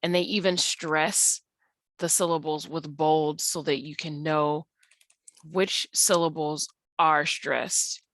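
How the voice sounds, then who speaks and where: A woman with a low voice teaches an online lesson, patiently talking through her slides. She fills her pauses with ums and uhs. The sound is dry and close. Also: fairly even intonation, a bit bright, no room sound. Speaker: English teacher. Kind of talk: online tutorial walkthrough of slides.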